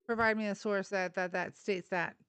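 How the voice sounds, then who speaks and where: A woman from Texas hosts a live political argument, blunt and quick to swear. Her voice comes across bright and sharp. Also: mid-range voice, fairly even intonation. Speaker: livestream host. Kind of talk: heated political debate.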